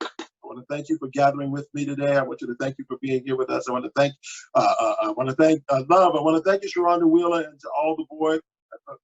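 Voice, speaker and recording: A man preaching a sermon as pastor, animated and exhortative, breaking into sudden high exclamations. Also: fast talker, dull audio. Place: at home.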